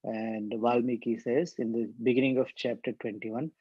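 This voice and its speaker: A man teaching a scripture class, reciting verses and explaining them in an unhurried way. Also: mid-range voice, flat delivery, warm tone, slightly rough, no echo. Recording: dull, dry lo-fi recording.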